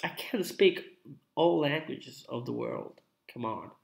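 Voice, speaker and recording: Slow-talking sick Italian man. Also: mid-range voice, animated, gravelly. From Italy. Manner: slow, repetitive, drawn-out. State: sounding sick. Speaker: live streamer. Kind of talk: casual live stream chat.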